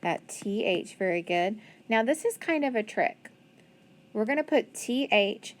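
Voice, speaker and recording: This woman's medium-pitched voice is expressive and a bit slow. Teaching phonics to little ones, she patiently asks questions and answers them, praises what the pupils say, and spells out words one letter after another.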